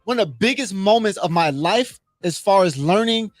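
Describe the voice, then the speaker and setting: A man from Inglewood, California, with a high-pitched voice, tells a personal story in a relaxed conversation. He is animated and swears freely, acting out other people's lines as he goes. The recording is dry and close. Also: normal speed, dry recording, soft background music. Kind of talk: casual storytelling chat.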